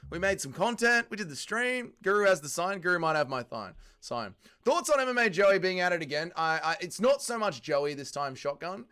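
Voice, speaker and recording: A man's voice: high voice, sing-song, brisk, few pauses, sharp tone, smooth. A man with an Australian accent hosting a livestream, answering chat comments in sweary, joking banter. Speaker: livestream host reading chat.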